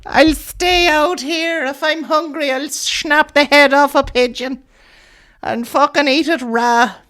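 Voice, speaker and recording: A man putting on a shrill heartbroken Irish pigeon lady. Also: fairly even intonation, sharp tone, exaggerated voice. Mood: melodramatic despair. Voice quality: shrill, melodramatic, drawn-out wailing. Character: heartbroken woman turned pigeon-feeding park hermit.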